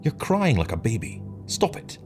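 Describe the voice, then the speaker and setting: A man's voice: medium pitch, huge pitch swings, normal speed, music in the background, pitched above the performer's own voice. A man voicing a stern, skeptical spaceship captain who speaks in a curt, dismissive way. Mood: condescending.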